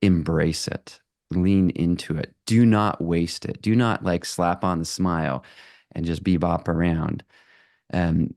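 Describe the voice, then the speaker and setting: Deep-voiced man giving an animated talk. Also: dry recording, studio quality. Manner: animated and conversational, with frequent fillers and laughs. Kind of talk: live presentation to an audience.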